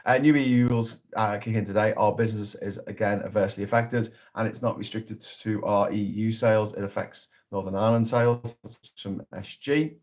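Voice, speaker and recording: A man's voice: on the low side, fairly even intonation, a little fast, hardly any pauses, darkish tone. Sarcastic, sweary man. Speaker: political livestream host. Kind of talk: casual political commentary livestream.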